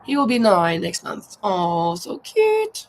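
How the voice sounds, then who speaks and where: A Norwegian woman hosts a crochet livestream from an outdoor terrace, chatting casually, reading viewer comments aloud and thinking out loud as she works. Her medium-pitched voice swings hugely in pitch and moves slowly, on a rough recording with slight background noise.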